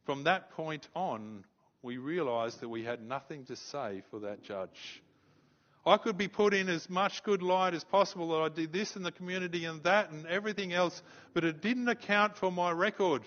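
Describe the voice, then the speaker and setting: An Australian man, a pastor, preaching a sermon and telling a story, animated and stumbling over repeated words. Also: a little high, normal speed, lo-fi sound. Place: church.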